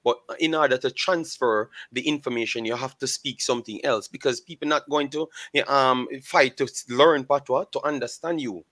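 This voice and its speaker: A Jamaican man speaking as a guest on a panel show, earnest and halting, with many fillers. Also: mid-range voice, fairly bright tone, no room sound. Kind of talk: panel discussion.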